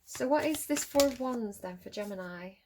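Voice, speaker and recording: A woman's voice: a little high, lively intonation, moderate pace, background noise. A woman giving a casual tarot reading to her viewers, chatty and laughing often as she talks straight to them. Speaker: tarot reader.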